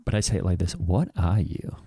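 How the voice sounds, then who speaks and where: A man's voice: deep voice, a little fast, mellow, breathy edge, dry recording, studio quality. A man playing an aggrieved megachurch dad. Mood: earnest aggrieved. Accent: New Zealand or Australian. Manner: earnest, aggrieved, rambling with restarts. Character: touchy devout megachurch dad, easily offended. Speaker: podcast co-host. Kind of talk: improvised satirical character comedy.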